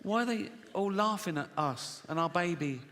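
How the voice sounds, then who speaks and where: A man playing an upset young wife with an English accent, complaining quietly and indignantly. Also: high-pitched, animated, moderate pace. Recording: echoey hall with audience noise.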